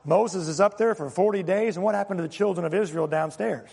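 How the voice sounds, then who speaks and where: A man's voice: high voice, a little fast, creaky, darkish tone, breathy edge, big-room sound. A male pastor preaching a sermon, emphatic and fond of rhetorical questions to his congregation.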